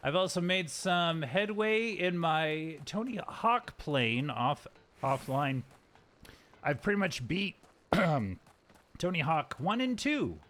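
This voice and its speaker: A man's voice: fairly high pitch, fairly bright tone. A man streaming a video game, chatting casually in a joking way with sudden yelps and some swearing. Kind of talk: casual live-stream gameplay commentary.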